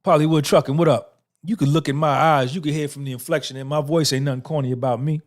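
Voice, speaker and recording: A man's voice: on the high side, fairly even intonation, fast. A man in his fifties hosting a livestream podcast, talking to his chat in a boastful, profane, streetwise way. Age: 50s. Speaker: podcast host. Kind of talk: boastful casual livestream talk, answering chat.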